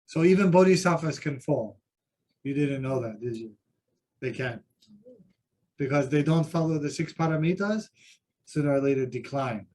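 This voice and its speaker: A man's voice: fairly high pitch, moderate pace, pauses often, darkish tone. Man telling stories in a discussion. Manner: anecdotal, self-deprecating storytelling. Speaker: Buddhist teacher. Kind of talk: group discussion. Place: seminar room with a group.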